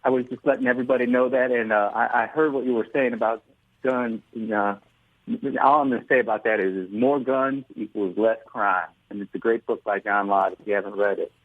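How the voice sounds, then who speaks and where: A man calling in to a talk radio show, friendly and halting with many fillers. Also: medium pitch, fairly even intonation, dry recording. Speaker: caller. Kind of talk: phone-in call. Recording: tinny phone line.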